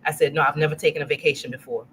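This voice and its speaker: Animated storytelling woman in her forties. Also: sits low, racing, slight background noise, rough recording. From Louisiana. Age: 40s. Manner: animated, acts out quoted voices. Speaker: guest. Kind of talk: casual storytelling.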